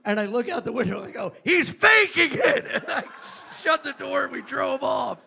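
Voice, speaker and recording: High, gravelly, lively male comedian. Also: a little fast. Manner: animated, bursts into shouts when acting out quotes. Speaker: podcast co-host and comedian. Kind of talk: live podcast banter, storytelling. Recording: faint crowd noise from live audience.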